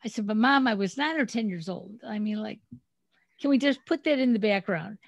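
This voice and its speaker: A middle-aged woman hosting a podcast, telling family stories in a chatty, animated way over a remote call. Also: medium pitch, brisk, creaky, no room sound, muffled recording. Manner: storytelling, chatty, animated retelling. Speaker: podcast host. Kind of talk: casual interview chat.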